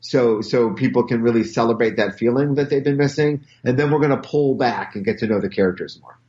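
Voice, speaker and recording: A man with a Cleveland accent chatting casually as a podcast guest, animated and full of stammered restarts. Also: mid-range voice, a little fast, dull audio. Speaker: comic book writer guest.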